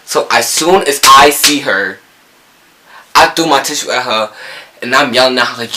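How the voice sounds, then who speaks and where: A man's voice: mid-range voice, fairly quick, sharp tone, rough recording. A young man from New Jersey with a local accent, telling a rambling storytime vlog full of quoted dialogue. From Newark, New Jersey. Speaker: vlogger. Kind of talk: casual storytime.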